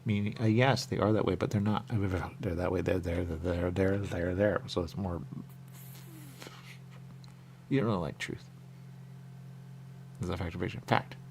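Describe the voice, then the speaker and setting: A man's voice: low-pitched, steady tone, moderate pace, gravelly, pauses often, a little mellow, a little hiss or hum. A man rambling and joking in loose banter as a radio show host, repeating catchphrases. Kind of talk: loose banter among co-hosts.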